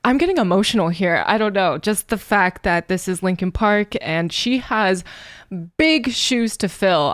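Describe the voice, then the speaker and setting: A woman's voice: fairly low pitch, clean tone, dry recording, clean studio sound. A woman hosting a music reaction video, talking in an earnest, rambling, emotional way. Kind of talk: casual reaction commentary.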